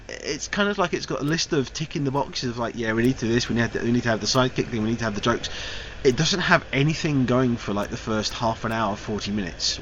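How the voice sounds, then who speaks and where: A man's voice: mid-range voice, bright, forceful tone. Man rambling through a film review. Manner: rambling, frank critique with loose wandering sentences. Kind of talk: casual spoken film review. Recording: slightly dull recording with faint hiss.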